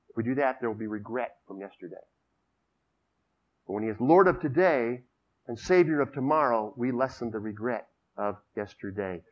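A man preaching a sermon, telling stories and asking his congregation for responses. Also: medium pitch. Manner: storytelling, asks the congregation for responses. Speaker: pastor. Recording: dull lo-fi recording.

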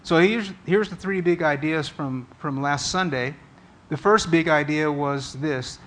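A man's voice: fairly high pitch, a little slow, a bit bright, slight background noise. Earnest male pastor preaching. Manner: earnest, conversational preaching with frequent restarts. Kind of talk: sermon.

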